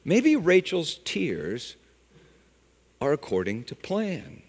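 A man's voice: very animated, a little slow. A middle-aged man preaching a sermon, telling a story and weaving in scripture references. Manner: storytelling with scripture references, pitch rising and falling widely. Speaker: pastor. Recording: long hall reverb.

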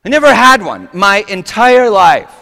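A man voicing a lonely woman nearing forty who speaks haltingly and tearfully, with long hall reverb. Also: high voice, very animated, vocal fry, voice pushed up, exaggerated voice. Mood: pleading. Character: lonely woman about to turn thirty-nine.

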